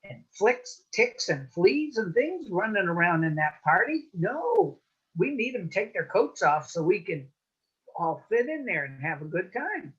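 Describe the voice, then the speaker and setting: A woman doing a pack of bossy dogs guarding a party door in a told folk tale, high-pitched and businesslike. Her tone is lively and a touch husky. The sound is muffled and lo-fi, like a video call. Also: a little slow, exaggerated voice.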